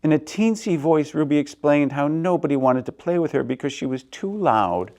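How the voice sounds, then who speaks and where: A man reading a children's picture book aloud, swinging between soft and loud in an expressive way. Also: medium pitch, moderate pace, vocal fry, hardly any pauses. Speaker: storyteller, theater director.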